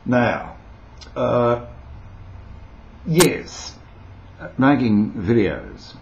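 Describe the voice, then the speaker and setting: A man's voice: medium pitch, wildly swooping pitch, very slow, creaky, highs cut off, noisy background. An older Australian man with an Australian accent, rambling playfully and eccentrically to his webcam at home. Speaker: vlogger. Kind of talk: casual talk to webcam.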